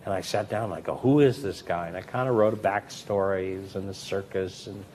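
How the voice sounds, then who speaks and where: A magician and comedy performer, male, tells anecdotes in an interview at a fairly quick pace with slight background noise. His delivery is animated, and when he quotes people he impersonates them with big jumps in pitch and loudness.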